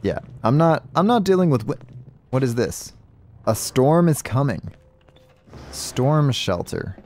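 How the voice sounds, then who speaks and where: A man streaming a puzzle game live, talking through it in an excitable, joking way and thinking aloud. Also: medium pitch, takes it slowly, a little hiss or hum. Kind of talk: live gameplay commentary.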